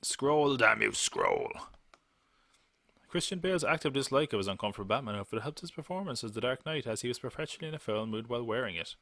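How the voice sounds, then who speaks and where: A man's voice: medium pitch, expressive, rapid-fire, hardly any pauses, fairly bright tone, no room sound. A man hosting a live podcast in a casual chat, rambling and joking and laughing often. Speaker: podcast host.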